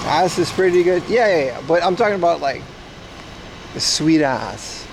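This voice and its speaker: A man's voice: on the high side, expressive, normal speed, vocal fry, background noise. A man hosting a livestream outdoors, chatting loosely and joking back at his viewers as he walks. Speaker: livestream host. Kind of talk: rambling casual chat to viewers. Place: outdoors on city streets.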